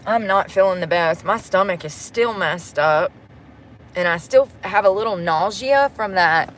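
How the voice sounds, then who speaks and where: A woman talks to her livestream from a truck at a gas station. She is rambling, candid and salty-mouthed, with a mid-pitched voice. Faint vehicle noise hums behind her on a phone mic. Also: a little slow, a bit bright. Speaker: vlogger. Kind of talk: casual chatty livestream.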